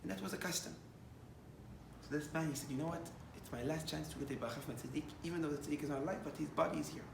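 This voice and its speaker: Animated preaching man in an echoey room. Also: on the high side, rapid-fire, creaky, noisy background. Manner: animated, rising to loud emphatic bursts, many restarts. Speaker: rabbi. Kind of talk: sermon with storytelling.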